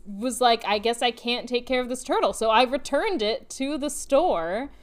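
A woman in her twenties telling an animated, flustered story in a casual chat. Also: a little high, normal speed. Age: 20s. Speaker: podcast co-host.

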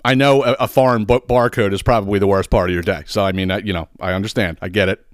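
A man's voice: lowish voice, steady tone, fast talker, no echo, clean studio sound. A man, probably in his thirties, hosting a podcast and telling a profane, exasperated story. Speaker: podcast host. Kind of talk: ranting storytelling.

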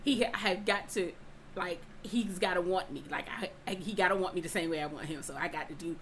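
A woman's voice: lowish voice, fairly quick, a little hiss or hum, rough recording. A woman telling a personal story in casual chat, acting out both sides of the dialogue.

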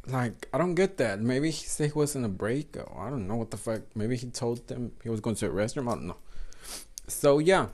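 A man's voice: mid-range voice, expressive, a little fast, darkish tone. A young man, hosting a podcast and telling a story in a frank, profane way, slipping Spanish phrases into English. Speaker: podcast host. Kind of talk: casual storytelling monologue.

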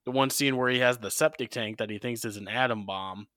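A man's voice: medium pitch, a little fast, pushed and bright, no room sound, studio quality. A man co-hosting a podcast, telling rambling stories in a casual chat and swearing freely. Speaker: podcast co-host.

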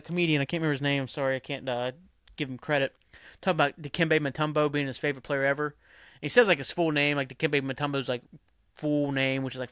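Rambling male podcaster, higher voice. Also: a bit bright, clear, resonant tone, no echo, studio quality. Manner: rambling, filler-heavy, acts out characters' lines. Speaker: podcast host. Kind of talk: casual TV show recap.

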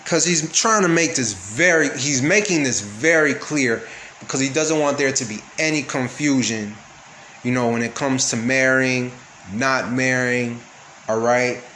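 A man's voice: medium pitch, measured pace, pushed and bright. A man teaching a casual Bible study, reading verses aloud and explaining them, often checking in with his listeners. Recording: echoey room with faint background noise.

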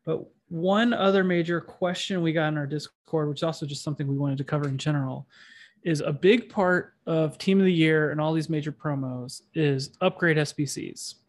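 A man's voice: fairly high pitch, normal speed. A man hosting a casual podcast chat, with a nasal voice and a rambling, self-deprecating way of talking. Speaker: podcast host.

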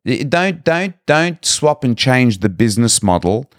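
A man's voice: medium pitch, very animated, measured pace, no echo, clean studio sound. A man co-hosting a podcast, joking bluntly and swearing freely in casual chat. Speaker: podcast co-host.

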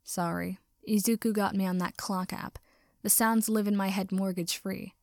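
A woman reading the lines of a dry, deadpan young man who cracks jokes, in a storybook. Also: mid-range voice, moderate pace, dry recording, lightly acted. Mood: wry.

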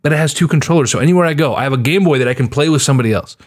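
A man's voice: fairly high pitch, rapid-fire. A young man hosting a casual podcast, laid-back, laughing often and swearing offhandedly. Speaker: podcast host.

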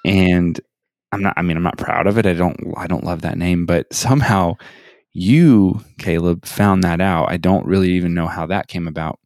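A young man with a deep, gravelly voice talks haltingly on a casual podcast, restarting his sentences. The recording is dry and close. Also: steady tone, a little mellow, no room sound. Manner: halting, self-conscious, many restarts. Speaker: podcast co-host. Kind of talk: casual chat.

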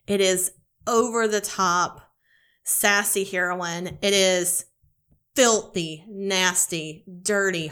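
Woman podcast co-host, bright tone, enthusiastic and profane book pitch. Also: clear, resonant tone. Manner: excited, gushing, swears freely. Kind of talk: casual chat about romance books.

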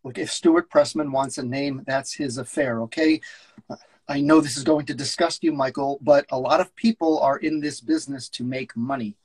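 A man's voice: medium pitch, fairly even intonation, normal speed, husky, natural voice. A man reading the part of a curmudgeonly older talent agent in a script read-through, flustered, stammering and sarcastic. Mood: exasperated.

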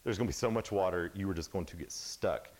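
A man giving a youth sermon, telling a Bible story in an animated, casual way, full of "like" and quick asides. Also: low-pitched. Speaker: youth speaker.

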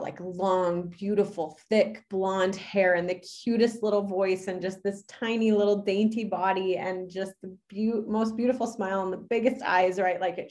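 A woman's voice: on the low side, darkish tone. A woman coach sharing in a casual, heartfelt way, earnest and gushing, full of "like" fillers. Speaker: fitness coach. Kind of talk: casual heartfelt sharing in a live group session.

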